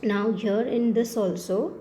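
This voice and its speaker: Woman, Indian English accent, teacher, patient and repetitive, warm soft tone. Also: a little high, fairly even intonation, slow, slight background noise. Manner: patient, repetitive explaining with frequent checks for understanding. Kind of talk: classroom lesson on poetry.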